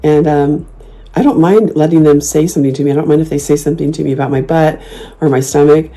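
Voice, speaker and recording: Low mellow voiced woman, sassy and animated, laughs a lot, chatty storytelling. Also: quick pace. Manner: sassy, animated, jumps into loud high-pitched mock comebacks; laughs often, swears casually. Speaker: host. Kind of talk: casual storytelling chat.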